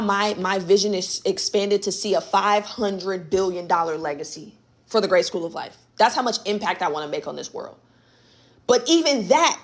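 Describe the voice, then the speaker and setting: A young adult woman hosting a live spiritual coaching session, speaking in a casual, emphatic way, repeating her points and talking straight to her listeners. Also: mid-range voice. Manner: emphatic and conversational, repeats points, addresses listeners as baby and y'all. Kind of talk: casual motivational teaching on a livestream. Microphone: phone or webcam on a live stream.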